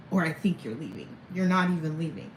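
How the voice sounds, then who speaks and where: A woman's voice: low voice, a little hiss or hum. A woman in her thirties rambling candidly to camera in a casual personal vlog, chuckling between thoughts. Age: 30s. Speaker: vlogger. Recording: echoey room, faint background ambience.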